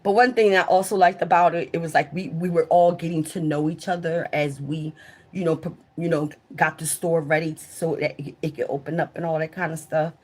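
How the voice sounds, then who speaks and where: A woman telling stories from her old jobs to her live viewers in a casual, profane way, often talking straight to them and getting loud and excited when the story peaks. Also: sits low, a little fast. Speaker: livestreamer.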